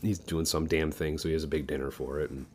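A man's voice: a bass voice, level tone, fast talker, slight background noise. A man co-hosting a podcast, telling a long joke in a rambling, casual way with fillers and swearing. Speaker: podcast co-host.

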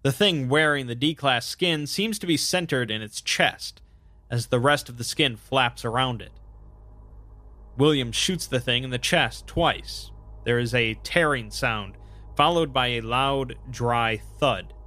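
A young man narrating a horror story in measured, scripted fashion, with brief asides of his own. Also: medium pitch, no echo. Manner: calm, measured retelling of horror events with brief personal asides. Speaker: narrator and channel host.

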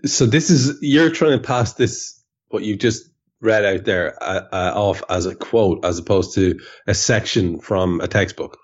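A man's voice: fairly low pitch, measured pace, muffled recording. A man hosting a casual football podcast, telling stories and steering the talk. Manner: storytelling, steers the conversation. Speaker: podcast host.

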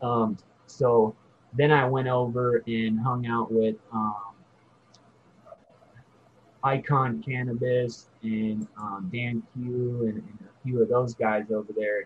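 A man's voice: mid-range voice, flat delivery, slow pace, a little hiss or hum. A man casually telling a rambling story, laid-back and swearing freely. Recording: dull lo-fi audio.

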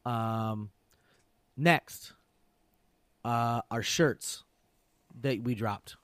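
A man's voice: medium pitch, extremely slow, a bit bright, dry recording. A man co-hosting a podcast, talking bluntly and profanely in a teasing way. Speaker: podcast co-host. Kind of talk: casual chat.

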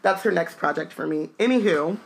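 Woman podcast co-host with a lowish voice, animated and slangy. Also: fairly quick, gravelly. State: cold. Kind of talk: casual chat.

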